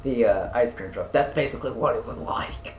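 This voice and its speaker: A man's voice: mid-range voice, brisk, roomy sound, slight background noise, low-quality recording. A young man chatting casually as a podcast co-host, rambling with lots of fillers, restarts and swearing. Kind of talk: casual chat.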